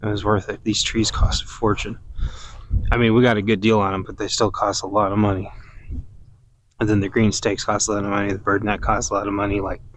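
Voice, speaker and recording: A man hosting a casual podcast, musing out loud while working outdoors in his orchard, meandering and sometimes hunting for words. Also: on the low side, little pitch movement, fairly quick, a little hiss or hum. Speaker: podcast host. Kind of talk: casual rambling monologue.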